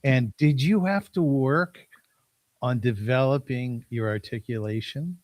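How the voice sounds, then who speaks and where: Halting man hosting in a dry room. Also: mid-range voice, darkish tone, no echo. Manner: earnest, halting, stumbles on his words. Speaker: podcast host. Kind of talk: podcast interview.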